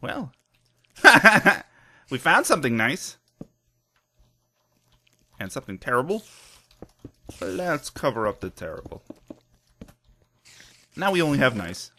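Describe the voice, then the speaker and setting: Bright-voiced excitable let's play man. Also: mid-range voice, takes it slowly, pauses often, a little hiss or hum. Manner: excitable, self-mocking, laughs often. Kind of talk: casual gameplay commentary.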